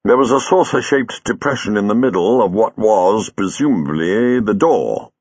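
A man narrating a story in a measured way, with a husky voice and lively pitch. The close, dry recording sounds dull and lo-fi. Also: dry recording. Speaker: audiobook reader. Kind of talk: scripted narration.

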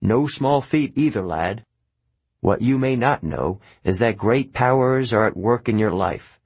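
A man reading an audiobook, voicing a patient, kindly centaur teacher who speaks in a measured, formal way. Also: medium pitch, lively intonation, darkish tone, husky, no echo. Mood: earnest.

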